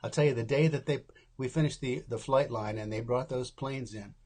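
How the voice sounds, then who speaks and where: A man's voice: medium pitch, brisk, a little mellow. A man in his seventies, an interview guest, telling candid stories in a wry, casual way and acting out the people he quotes.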